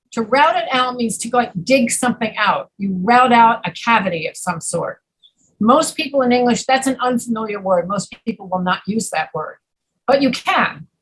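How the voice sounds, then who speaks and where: A woman's voice: fairly high pitch, husky, rough recording. A woman with an East Coast American accent teaching an online pronunciation class over a video call, patient and explaining with examples.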